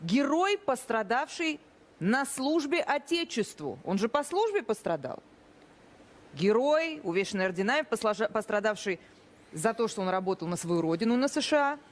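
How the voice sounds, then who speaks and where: A woman's voice: on the high side, very animated, moderate pace. Lady tv pundit making her case, counts off points, voice swoops up and down a lot. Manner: emphatic, lays out points one by one. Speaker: state TV pundit. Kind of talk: TV talk show commentary.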